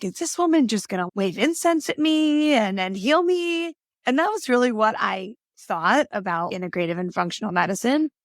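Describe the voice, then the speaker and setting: A woman's voice: lowish voice, fairly bright tone, no room sound, clean studio sound. A young adult woman guest on a podcast, telling her story in an earnest, casual way with frequent fillers. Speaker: podcast guest, holistic nutrition consultant. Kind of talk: casual interview conversation.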